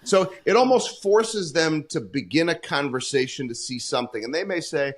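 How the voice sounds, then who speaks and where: A man's voice: fairly high pitch, expressive, moderate pace, hardly any pauses. A man in his forties, a performance coach talking in a podcast interview, earnest and full of stories, often acting out the dialogue he quotes.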